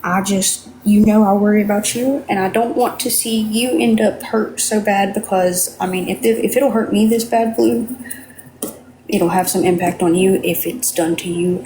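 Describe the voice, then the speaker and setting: Caring woman talking things through, halting, faint noise in the back. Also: mid-range voice, dark tone, poor audio. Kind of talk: casual chat.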